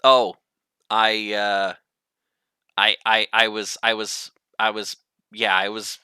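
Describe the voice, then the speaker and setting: A man's voice: on the low side, little pitch movement, slow pace, bright, forceful tone, smooth, dry recording, clean studio sound. A man streaming live, reading a game aloud in a casual, stumbling way. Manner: casual, stumbling over his words.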